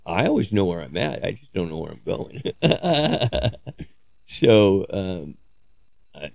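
A man's voice: low-pitched, big pitch swings, slow pace, vocal fry, darkish tone, no echo. A man talking in a casual, rambling monologue, joking crudely and swearing freely as he digresses. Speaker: podcaster.

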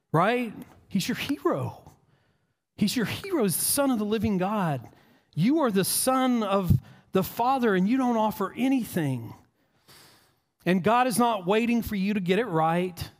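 A man's voice: high voice, big-room sound. A male pastor preaching a sermon in an earnest, conversational way, often repeating words as he restarts.

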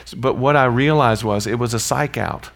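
A man's voice: medium pitch, normal speed, gravelly. A man giving an informal Bible teaching, conversational and mixing in personal stories and chuckling asides.

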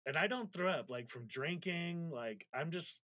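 A man's voice: fairly high pitch, lively intonation, moderate pace, a bit bright, dry recording. A man in a casual conversation, telling a personal story candidly, swearing freely and getting emotional as he talks. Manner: reflective, gets emotional while recounting.

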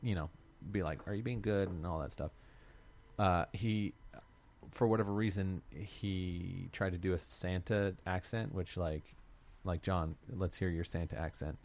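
A man's voice: deep voice, fairly even intonation, measured pace, darkish tone. A man hosting a podcast, who teases his co-hosts and moves the conversation to new topics. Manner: teasing, leads topics. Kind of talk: casual podcast chat.

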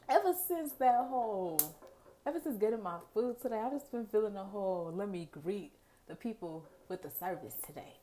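A young woman vlogger telling a casual storytime to her viewers, animated and chatty, talking to them directly and acting out her own thoughts. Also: medium pitch, moderate pace, slight background noise. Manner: dramatic asides and quoted self-talk. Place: indoors at home, near a window with rain outside.

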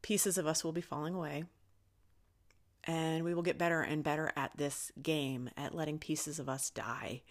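A woman's voice: deep voice, steady tone, normal speed. A middle-aged woman hosting a podcast, giving a candid, confessional spiritual monologue and swearing freely. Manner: candid, swears often, talks openly about her feelings. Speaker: podcast host.

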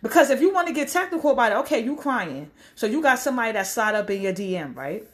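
A woman's voice: a little high, very animated, fast talker. A woman, giving blunt, profane advice in a casual vlog rant and acting out the people she quotes. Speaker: social media commentator. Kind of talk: casual direct-to-camera rant.

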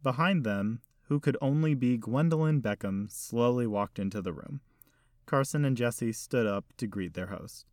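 A man reading a story aloud in a measured, steady storytelling manner. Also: mid-range voice, no room sound, studio quality. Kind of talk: scripted narration.

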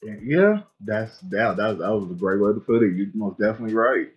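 A man co-hosting a podcast in relaxed chat, often restarting and repeating his words. His recording sounds a little muffled and dull. Faint music plays underneath. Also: on the low side, fairly quick. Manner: loose, stumbling, repeats words, laughs along. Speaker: podcast co-host. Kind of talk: casual chat.

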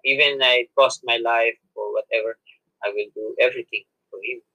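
Bright-voiced man, halting storyteller. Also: mid-range voice, fairly even intonation, poor audio. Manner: halting, many restarts and self-corrections; laughs often while telling. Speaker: spiritual monk guest. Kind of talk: personal storytelling in an interview.

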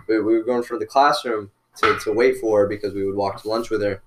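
A young man in casual chat with a friend, telling a school story in a relaxed way, with lots of swearing. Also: lowish voice, fast, noisy background. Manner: laid-back, profane, with fillers and restarts.

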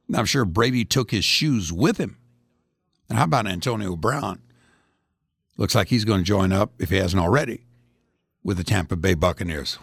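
A man's voice: on the low side, normal speed, vocal fry, pauses often, breathy edge, no room sound, studio quality. A man in his seventies hosting a rambling, folksy one-man commentary, chatting casually and drifting from topic to topic. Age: 70s.

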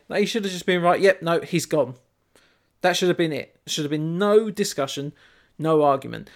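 Male, casual podcast co-host; lively, swears freely. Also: on the high side, vocal fry. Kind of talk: casual chat.

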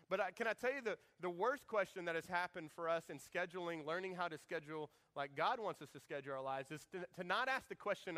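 A man in his thirties preaching a sermon as pastor, animated and joking, acting out quoted lines in shifting voices. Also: high voice, fast, hardly any pauses.

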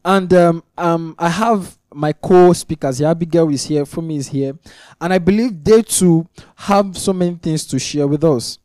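A man's voice: a little high, normal speed, dark tone, no echo, clean studio sound. A man preaching a teaching sermon, earnest and repetitive, building to emphatic peaks. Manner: earnest, repeats key phrases for emphasis. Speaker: preacher leading a weekly teaching meeting.

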